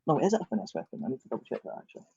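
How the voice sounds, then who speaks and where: A man playing a tabletop game, chatty and jokey as he works through his rolls. His voice has a middle pitch. The recording sounds slightly dull and dry, like a home mic. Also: wildly swooping pitch, very fast, a little mellow, breathy edge, dry recording. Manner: chatty, jokey, thinks aloud over dice rolls. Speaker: player. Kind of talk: casual tabletop game chat.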